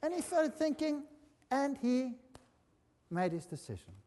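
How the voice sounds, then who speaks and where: A man's voice: very high-pitched, sing-song, measured pace. Emphatic preacher man in a reverberant hall. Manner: emphatic, conversational, swings between loud and hushed. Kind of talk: sermon with storytelling. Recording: long reverb of a large hall.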